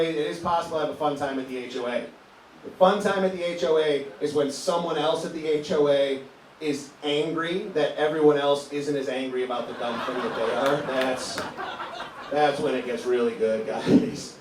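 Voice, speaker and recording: A man's voice: on the high side, distant mic, a little hiss or hum. A man in his forties doing a stand-up set, ranting in an exasperated way with the crowd laughing. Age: 40s. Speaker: stand-up comedian. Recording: roomy club sound from off-mic.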